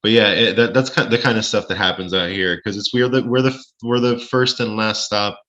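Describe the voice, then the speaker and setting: A man's voice: on the low side, steady tone, a little fast, sharp tone, highs cut off. A man being interviewed over a live stream, chatty and rambling, with lots of restarts and joking asides. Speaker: space-tourism lodging owner.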